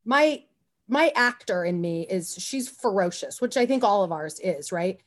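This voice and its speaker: A woman guest on an interview podcast, telling stories in an animated, rambling way with many asides and restarts. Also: medium pitch, a little slow. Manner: often says "you know what I mean". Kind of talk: casual interview storytelling.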